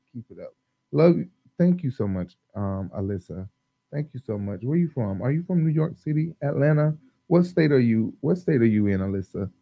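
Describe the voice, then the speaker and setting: A man hosting a casual live-stream chat, talking loosely and rambling with lots of ums, openly high. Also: mellow, no echo, low-quality recording.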